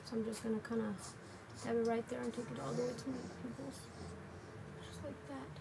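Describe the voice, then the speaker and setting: A woman's voice: fairly high pitch, fairly quick, creaky. A woman casually walking through a makeup tutorial at home, rambling with lots of fillers. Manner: relaxed, rambling, with many fillers. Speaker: makeup vlogger. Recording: noticeable background noise.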